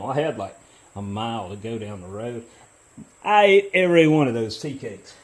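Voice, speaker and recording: This low-quality recording carries a little hiss or hum and features a middle-aged man's expressive, mid-range voice at normal speed, with long pauses. A metal casting hobbyist host, he chats easily in his foundry workshop, narrating his how-to work as he does it and slipping into stories.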